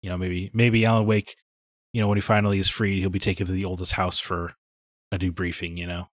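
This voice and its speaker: A man with a low voice gives blunt, opinionated takes in loose podcast chat. The sound is dry and close, with no room around it. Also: level tone, fast, dry recording. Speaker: podcast co-host. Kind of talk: casual chat.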